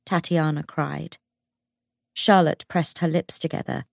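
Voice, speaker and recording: A woman narrating an audiobook in an expressive, dramatic way. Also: on the low side, measured pace, dry recording, clean studio sound.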